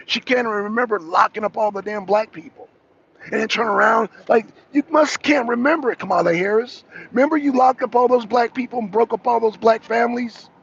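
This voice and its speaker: Gravelly high-voiced man ranting. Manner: rambling, heated, full of restarts and asides. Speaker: political talk show co-host. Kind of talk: opinionated political commentary. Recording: dull lo-fi audio.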